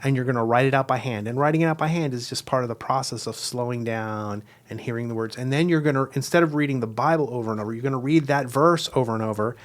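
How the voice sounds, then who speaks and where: A man of ordinary pitch talks through a spiritual practice step by step, earnest and reflective. He slows down now and then to lean on key words, like a guest teacher on a podcast. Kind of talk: explaining a devotional method.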